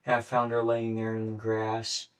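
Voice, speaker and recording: A young man in his late teens gives a police interrogation statement in a low, flat, matter-of-fact voice, halting with fillers. He is picked up by a distant mic in an interrogation room, so he sounds far away. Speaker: murder suspect being interrogated.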